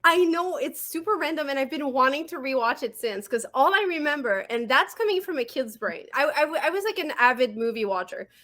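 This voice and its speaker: A woman with a French accent, co-hosting a podcast in casual chat, animated and giggly with quick asides, on a remote call mic. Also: high-pitched. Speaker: podcast co-host.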